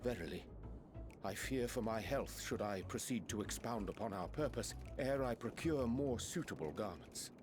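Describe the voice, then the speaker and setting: A man's voice: fairly low pitch, animated, moderate pace, close to an everyday voice. An actor playing a dramatic male scholar who speaks in old-fashioned, formal phrasing in a video game. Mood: wry. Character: grave theatrical male scholar, archaic speech. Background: game music.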